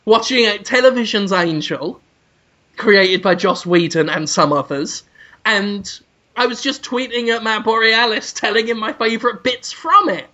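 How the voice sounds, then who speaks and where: Deadpan British man telling absurd stories. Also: high voice, moderate pace. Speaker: podcast co-host. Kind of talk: comedic podcast chat. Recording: dull lo-fi podcast audio.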